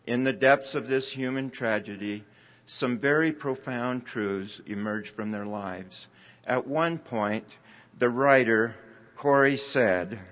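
Slow, earnest man giving a sermon. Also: mid-range voice, a bit bright. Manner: measured, earnest reading with quoted passages. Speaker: church speaker.

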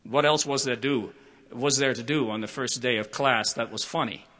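At a medium pitch, an older man tells stories in a prepared talk to the public. He is expressive but measured and acts out the voices he quotes.

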